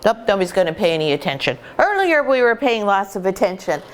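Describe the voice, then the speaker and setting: A woman's voice: mid-range voice, very animated, fast, background noise. A woman, a puppy breeder, chatting and explaining step by step while she plays with the puppies in an indoor puppy room. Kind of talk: instructional puppy-raising video.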